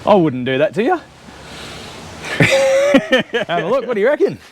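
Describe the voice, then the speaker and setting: A man's voice: high voice, wildly swooping pitch, normal speed, heavy background noise. Chatty, teasing Australian man. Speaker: channel host. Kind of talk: casual chat while working on a car. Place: home shed workshop.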